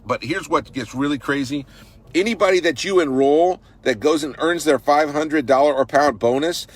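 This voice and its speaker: A man hosts a live broadcast from a park, pushing his pitch with eager, salesy energy. His voice sits at an everyday middle pitch as he talks into a phone, rallying viewers like a company chief. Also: a bit bright. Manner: fired-up, salesy pep talk. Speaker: company CEO. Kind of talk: live social-media broadcast. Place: outdoors in a park.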